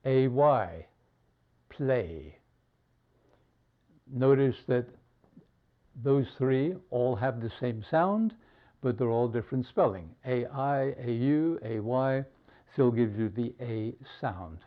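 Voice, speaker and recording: A man teaching English spelling at a very slow, measured pace, with a lot of rise and fall in his voice. He leaves a gap after each example word. The recording sounds dull and lo-fi. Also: mid-range voice, lively intonation. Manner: slow, deliberate, pausing between words.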